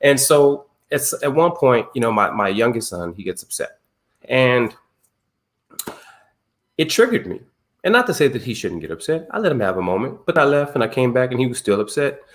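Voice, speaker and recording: A man's voice: medium pitch, big pitch swings, normal speed. A man hosting an online men's circle on a video call, talking casually and emphatically with slang, telling personal stories. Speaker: circle host. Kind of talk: casual group talk.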